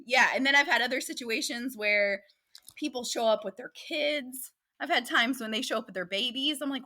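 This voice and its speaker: A woman's voice: a little high, normal speed, bright, forceful tone. A woman, animatedly telling dating stories as a guest in a casual interview and acting out the voices of the people she quotes.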